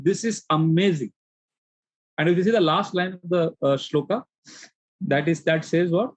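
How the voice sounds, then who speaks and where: A man's voice: sits high, moderate pace, long pauses, husky, no room sound, low-quality recording. A man giving a scripture discourse, telling a personal story and acting out the voices in it. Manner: animated storytelling, acts out quoted voices. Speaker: spiritual teacher.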